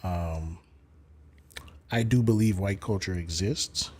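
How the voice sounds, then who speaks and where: Male streamer host, lowish voice, lectures callers with emphatic, blunt delivery. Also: slow pace, darkish tone. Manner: lecturing, emphatic, swears casually. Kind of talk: live-stream debate commentary.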